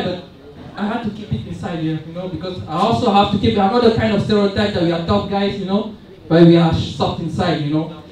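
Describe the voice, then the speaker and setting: Young male stand-up comic, high-pitched, self-mocking storyteller, recorded from far off in a big hall. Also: fairly quick, darkish tone. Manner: chatty, self-mocking, loose storytelling with frequent asides. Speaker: stand-up comedian. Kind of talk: stand-up comedy set. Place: large event hall with audience.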